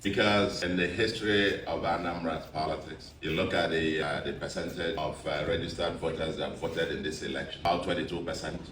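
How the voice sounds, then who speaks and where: Deep-voiced Nigerian man giving a speech. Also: fairly even intonation, fairly bright tone. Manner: emphatic, deliberate, repeats phrases for effect. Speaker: re-elected governor. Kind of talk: victory speech. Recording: roomy echo, distant mic, faint background noise.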